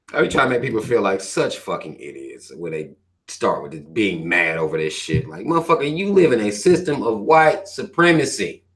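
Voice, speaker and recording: A man's voice: on the low side, sing-song, moderate pace, a bit bright. A man hosting a livestream, reading viewer comments aloud and ranting at them in a profane, preachy way, firing questions at his listeners. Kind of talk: livestream rant.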